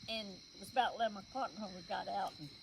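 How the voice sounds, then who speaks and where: Older Southern woman with gravelly voice. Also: medium pitch, steady tone. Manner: storytelling, halting. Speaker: show visitor. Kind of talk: casual chat. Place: outdoors at a rural event. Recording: noisy outdoor recording.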